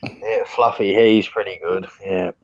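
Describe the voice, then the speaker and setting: A man's voice: deep voice, fairly even intonation, measured pace, dry recording. A man tells easygoing stories in casual chat. The sound is dull and lo-fi, dry with no room around it. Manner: laid-back, storytelling, swears.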